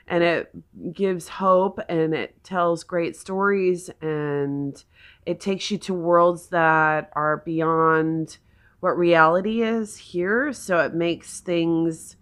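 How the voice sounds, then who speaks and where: A woman in her forties from Oklahoma, chatting in a casual vlog, gushing and emotional as she rambles on. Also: on the low side. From Oklahoma, USA. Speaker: vlogger.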